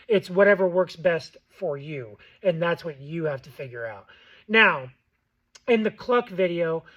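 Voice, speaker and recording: A man's voice: sits high, a bit bright, highs cut off. A man giving a casual how-to tutorial on goose calling, plainspoken and loose, repeating himself with fillers. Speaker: goose call instructor.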